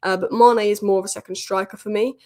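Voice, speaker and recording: Woman, football channel host, rapid casual delivery, strong opinions, mid-range voice. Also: medium pitch, steady tone, a little mellow. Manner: opinionated, chatty, quick asides. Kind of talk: casual football news commentary.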